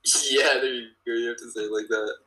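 Joking man with a bright voice. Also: medium pitch, steady tone, fast talker, husky, rough recording. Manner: joking, egging others on. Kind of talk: casual chat while gaming.

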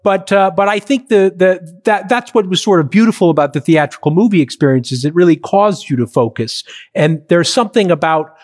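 A man's voice: sits high, brisk, few pauses. A middle-aged man, a filmmaker and interview guest, talking casually and telling stories with lots of fillers. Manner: animated storyteller, acts out quotes. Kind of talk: conversational interview.

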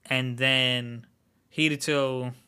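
A man's voice: mid-range voice, fairly even intonation, extremely slow, pushed and bright, clear, resonant tone. A man co-hosting a podcast, loosely recapping a show in casual, filler-heavy chat. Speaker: podcast co-host.

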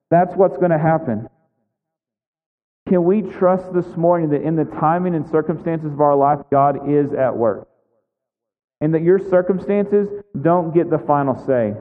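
A man pastor preaching a sermon in a church, earnest and conversational, pressing the listeners with repeated questions. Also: fairly high pitch. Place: church sanctuary. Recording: phone-like sound in a reverberant hall.

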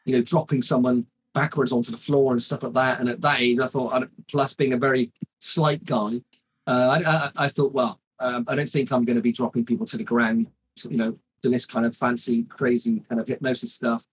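A man's voice: mid-range voice, level tone, fairly quick, a little hiss or hum, rough recording. A man in his forties, a hypnotist, telling his story in a casual interview with many restarts and fillers. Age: 40s. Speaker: hypnotist guest.

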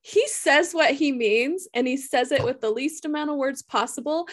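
A woman's voice: high voice, normal speed. A woman co-hosting an author podcast who chats casually, agrees readily and laughs often. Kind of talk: casual chat.

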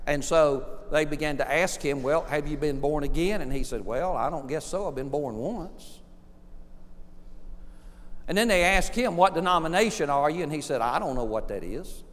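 A male pastor preaching a sermon, building to loud peaks and calling out for amens. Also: on the high side, animated, moderate pace. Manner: preaching with rising intensity, calls for amen. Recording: long reverb of a church hall.

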